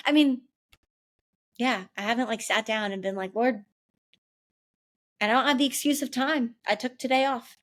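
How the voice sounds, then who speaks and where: A young woman with a somewhat high voice talks on her faith podcast in a chatty, animated way. She fills her sentences with "like" and tells stories with lots of energy. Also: normal speed, pauses often. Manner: chatty and animated, many fillers like "like". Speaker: podcast host. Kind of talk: casual faith-based podcast talk.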